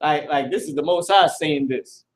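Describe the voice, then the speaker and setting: A man's voice: a little high, normal speed, poor audio. A man teaching a live class at a board indoors, talking in a loose, slangy, profane way and often repeating himself. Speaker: Hebrew class instructor.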